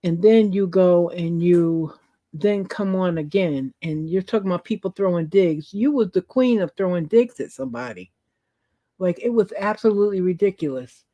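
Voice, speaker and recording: A man hosts his own reality-show review podcast, rambling in casual chat full of fillers. His voice sits high but sounds warm and mellow. The recording is dull and lo-fi. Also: normal speed. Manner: chatty, rambling with many fillers. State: feeling unwell.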